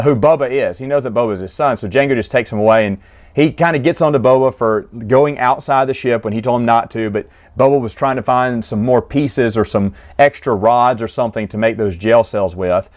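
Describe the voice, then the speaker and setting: Male book reviewer, mid pitch, relaxed chatty recap, acts out quotes.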